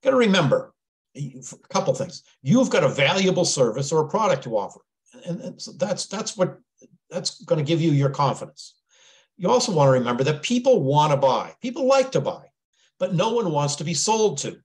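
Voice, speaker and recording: A business mentor presents a sales webinar in a briskly paced, high-leaning voice with big pitch swings. He's earnest and conversational, often repeating words as he thinks aloud.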